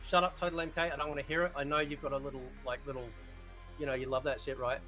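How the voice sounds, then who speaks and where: A man chatting in an animated way and swearing freely on a live stream. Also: mid-range voice, very fast, faint music behind. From Australia. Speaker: podcast guest. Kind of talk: casual live-stream chat.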